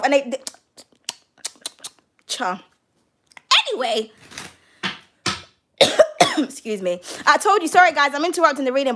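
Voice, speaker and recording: A British woman giving a casual tarot reading, brash and profane and quick to laugh. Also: a little high, a bit bright. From United Kingdom. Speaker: tarot card reader.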